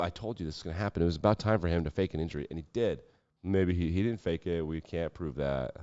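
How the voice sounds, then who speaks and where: Deep-voiced sarcastic sports podcaster. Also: male voice, a little mellow, clean tone, no echo, highs cut off. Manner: sarcastic, profane, quick asides. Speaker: podcast host. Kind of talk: casual sports commentary.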